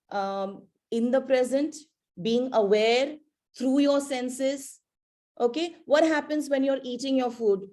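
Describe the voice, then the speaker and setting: A woman's voice: high-pitched, a little mellow. A woman giving a keynote talk to teenagers, conversational, often asking the audience questions and using fillers like "you know". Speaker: keynote speaker.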